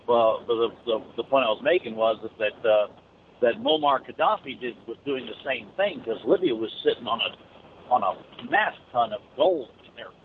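A man chatting casually on a call, rambling and restarting his sentences often. His voice comes through a narrow, tinny phone line. A faint hiss sits behind him. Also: medium pitch. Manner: rambling, many restarts and stammers. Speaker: truck driver calling in. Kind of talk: casual chat.

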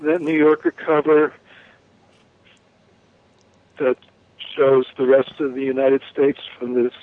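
A man from New York calling in to a radio chat, talking in halting restarts with the odd chuckle. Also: medium pitch, little pitch movement. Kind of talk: casual phone-in chat. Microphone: telephone. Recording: dry tinny phone line.

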